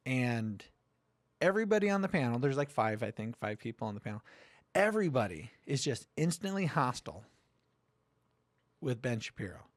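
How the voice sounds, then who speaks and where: A man retells a story in casual podcast talk, swearing as he goes. His voice sits at an ordinary middle pitch, recorded close in a dry room with no echo. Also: big pitch swings, moderate pace, long pauses. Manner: profane storytelling, retelling a debate. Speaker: podcast host.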